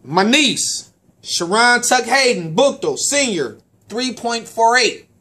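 A man hosting a local sports talk show, who is also a parent and a sports official. He gives casual, animated shout-outs, repeats words and stumbles on names. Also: very high-pitched, slow pace.

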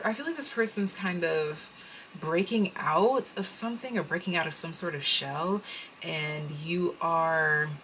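A low-pitched woman talks through a tarot reading in a loose, rambling way, full of fillers and restarts. She addresses her viewers directly. A faint hiss sits under her voice. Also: a bit bright, rough recording. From United States. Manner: rambling, thinks aloud with many fillers. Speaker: tarot reader.

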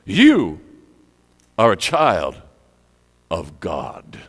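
A man putting on the voice of a small-town male preacher who booms slow, commanding pronouncements. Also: wildly swooping pitch, heavily acted. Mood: booming. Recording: echoey church hall with long reverb.

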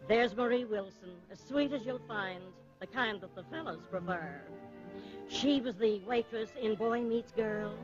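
An actress playing a perky head waitress who speaks in rhyming verse. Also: female voice, fairly high pitch, a little slow, natural voice. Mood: chirpy. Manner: chatty, gushing. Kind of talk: rhythmic spoken verse over music. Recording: dull old film soundtrack with loud music.

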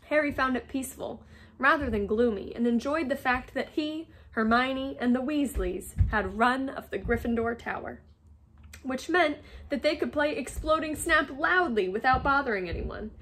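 A woman teacher reading a novel aloud to her class, with friendly casual asides. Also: a little high.

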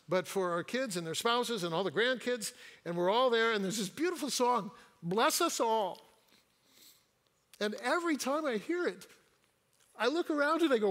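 A man's voice: high voice, moderate pace, a bit bright, big-room sound. A retired pastor in his sixties preaching a sermon in a church, telling personal stories with quips and the odd hesitation. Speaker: guest pastor. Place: church sanctuary.

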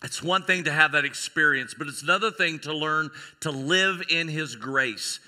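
A man pastor preaching a sermon, telling an animated story and acting out the people in it. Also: fairly high pitch, moderate pace. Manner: animated storytelling, voicing characters in a skit. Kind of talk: sermon with acted illustration. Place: church sanctuary. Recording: church sanctuary with long reverb.

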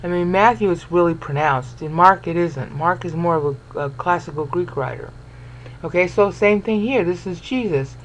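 A woman's voice: on the low side, normal speed, dull audio, slight background noise. A woman teaching a Bible lesson over on-screen text, sounding out words syllable by syllable and checking in with the listener. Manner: explanatory, checks in with "okay?" and "all right?".

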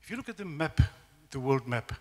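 A middle-aged man with a South African accent, telling a lively, self-deprecating testimony as a guest preacher at a church evening service. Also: mid-range voice, a little fast. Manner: storytelling, animated, self-deprecating humor. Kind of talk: testimony sermon. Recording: echoey church hall reverb.

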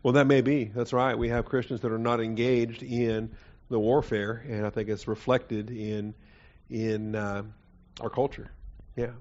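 A man teaching a Bible doctrine class in a conversational way, with frequent fillers, quiet chuckles and questions to the room. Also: mid-range voice, level tone, measured pace. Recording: dull lo-fi class recording.

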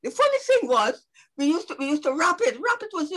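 An older woman, reminiscing as a guest speaker on a video call, lively and playful with a rhythmic way of recounting. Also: high voice, brisk, rough recording. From Guyana. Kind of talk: casual reminiscing.

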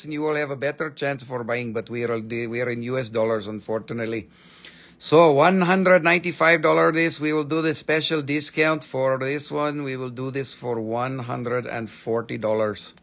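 A man's voice: medium pitch, normal speed, fairly bright tone. A man selling stones on a live shop stream, in joking patter with playful broken English. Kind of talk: live sales pitch.

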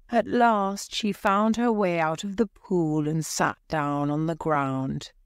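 A woman narrating a graded reader story for English learners, reading slowly, clearly and carefully. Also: lowish voice, dry recording, clean studio sound.

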